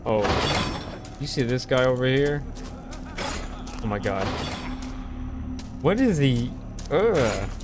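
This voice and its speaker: Jumpy young male gamer over loud music. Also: mid-range voice, sing-song, slow, long pauses. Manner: jumpy, easily scared, talks to viewers. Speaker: gaming video host. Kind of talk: let's play commentary.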